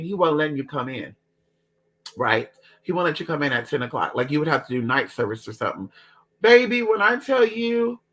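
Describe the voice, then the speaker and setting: A man tells family stories in casual, profane, dramatic chat. His voice sits a touch high and bright. He keeps calling his listeners "girl" as he talks. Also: husky. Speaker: storyteller.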